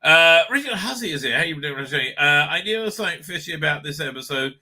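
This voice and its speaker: Bright-voiced man ranting on a livestream. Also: on the high side, expressive, fast. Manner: profane, exasperated ranting; reads chat names and comments aloud. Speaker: livestream host.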